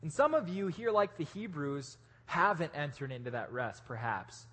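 Lively, husky-voiced man preaching. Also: fairly high pitch, moderate pace. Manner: casual, lively, joking with restarts. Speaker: pastor. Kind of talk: sermon. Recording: echoey hall.

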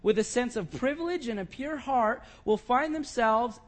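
High-pitched guy preaching, reads soft then gets loud and fervent. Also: lively intonation, normal speed. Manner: swings from quiet reading to loud impassioned crying out. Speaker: pastor. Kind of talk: sermon.

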